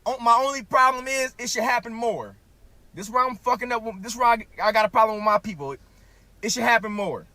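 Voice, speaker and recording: A man's voice: extremely high pitch, brisk, bright, forceful tone, no echo. A man talking casually in a played clip, loose and provocative with slang.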